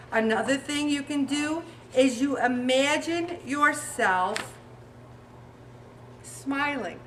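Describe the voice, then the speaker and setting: A woman in her forties hosting a motivational weight-loss talk, animated and acting out little scenes as she goes. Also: sits high, slow, recorded from a distance, a little hiss or hum. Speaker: weight-loss show host.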